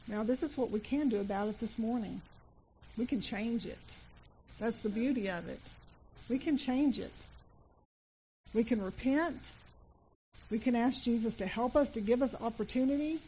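A middle-aged woman gives a sermon, moving between casual storytelling and earnest appeals to her congregation. Her voice sits a little high. The church recording is muffled and lo-fi, with faint hiss underneath. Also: measured pace, long pauses, warm tone. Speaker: preacher. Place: church sanctuary.

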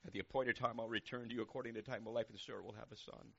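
A man preaching a sermon, dropping to a hush and then rising to loud, fervent preaching. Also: mid-range voice, fairly even intonation, racing, vocal fry, few pauses, breathy edge, muffled recording. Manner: swings from hushed and intimate to loud, fervent preaching.

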